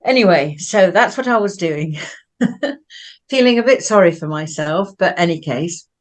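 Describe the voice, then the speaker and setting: A woman of about seventy from Manchester, England, recounts her past as an interview guest. She talks in a loose, rambling, chatty way, trailing off and laughing as she goes, and her voice sits a little low for a woman. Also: animated, measured pace. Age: around 70. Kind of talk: personal storytelling.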